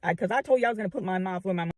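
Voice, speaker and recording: A woman's voice: mid-range voice, racing, darkish tone, no room sound, studio quality. A woman commentator making an impassioned address to her online followers, repeating phrases and stalling on long "um" fillers. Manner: addresses the audience as family.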